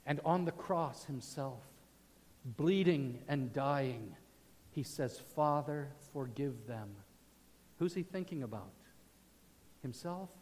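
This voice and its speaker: A male pastor preaching a sermon, moving from loud proclamation to soft, hushed passages. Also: fairly high pitch, expressive, takes it slowly, long pauses. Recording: long hall reverb.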